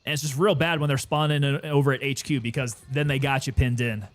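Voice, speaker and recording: A man casually commenting while he plays a game and chats with viewers, relaxed and sometimes winded. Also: medium pitch, fast. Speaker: gaming streamer.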